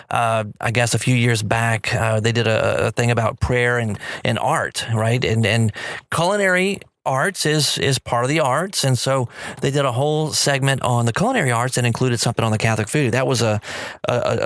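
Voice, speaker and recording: A middle-aged man hosts his own talk show, chatting with eager enthusiasm and often tripping over and repeating his words. His voice sits at an ordinary middle pitch. The sound is dry and close, with no room echo. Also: fairly bright tone. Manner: enthusiastic storyteller. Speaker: podcast host. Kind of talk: casual solo talk show.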